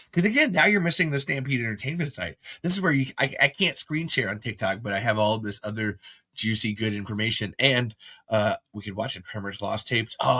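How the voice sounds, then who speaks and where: A man hosting a casual livestream, rambling excitably and often trailing off and restarting. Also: fairly low pitch. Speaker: host. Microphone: camera mic on a livestream.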